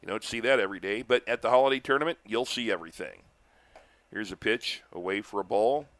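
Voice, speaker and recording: An older man doing live baseball play-by-play, chatty and telling stories between pitches, lifting his voice on big plays. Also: fast, a bit bright, no echo. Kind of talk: live baseball commentary with chat.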